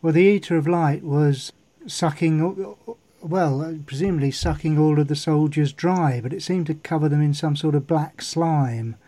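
A man's voice: a little high, moderate pace, warm tone. Dry, teasing man. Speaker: podcast co-host. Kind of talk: casual review chat.

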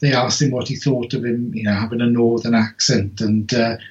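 A man's voice: medium pitch, fairly even intonation, fairly quick, a little mellow, lo-fi sound. A man co-hosting a podcast in casual chat, rambling with many fillers and restarts. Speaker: podcast co-host.

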